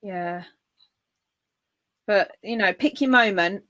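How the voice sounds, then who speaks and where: A woman's voice: medium pitch, slow pace, a bit bright, dry recording, highs cut off. A woman with a Northern English accent co-hosting a casual chat, enthusiastic and eager to recommend things. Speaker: podcast co-host.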